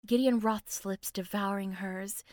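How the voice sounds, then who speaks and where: A woman reading a novel aloud as narrator, in an expressive storytelling manner. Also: mid-range voice, a little slow, no echo, clean studio sound. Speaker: audiobook narrator. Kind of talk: scripted narration.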